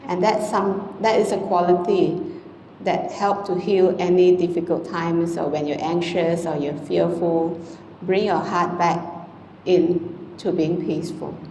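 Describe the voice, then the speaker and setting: A Buddhist nun, giving an informal, conversational dhamma talk to a congregation, often adding "you know" and "ah". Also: female voice, lowish voice, little pitch movement, measured pace, dull audio, slight background noise. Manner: conversational and gentle, frequent "you know" and "ah" tags. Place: temple hall. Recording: echoey hall with long reverb, faint ambience.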